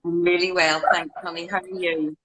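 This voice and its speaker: A woman's voice: lowish voice, little pitch movement, normal speed, background noise. A woman chatting as a guest on a call, friendly and homely, calling people "honey". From Ireland. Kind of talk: casual chat.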